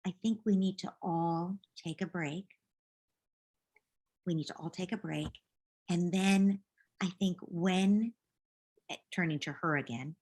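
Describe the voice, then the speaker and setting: Low-voiced woman coaching parents. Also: unhurried, long pauses. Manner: gentle, models calm scripts for parents. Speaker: parenting coach answering a question. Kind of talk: advice in a live Q&A.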